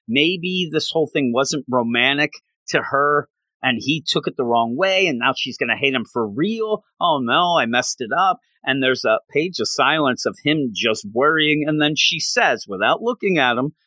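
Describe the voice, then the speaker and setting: Chatty male recapper, lively and bright, dry room. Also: medium pitch, no echo. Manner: animated, chatty, gushing. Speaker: manga reviewer. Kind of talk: casual story recap.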